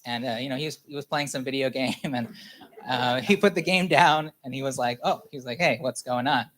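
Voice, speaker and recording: Brief: male pastor, relaxed confessional storyteller, lots of fillers and laughter. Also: mid-range voice, brisk. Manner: candid storytelling with many fillers and frequent laughter. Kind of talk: personal testimony in a sermon.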